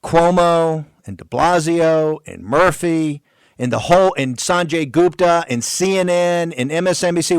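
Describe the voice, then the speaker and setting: A man's voice: on the high side, unhurried, smooth, no room sound. A man hosting a political talk radio show, delivering an emphatic, fiery rant.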